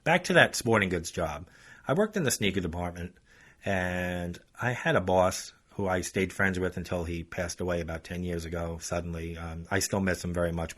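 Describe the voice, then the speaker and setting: A man's voice: low-pitched, a bit bright. A male podcast host telling a story in a chatty, casual way, talking straight to his listeners. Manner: chatty, addresses listeners as folks.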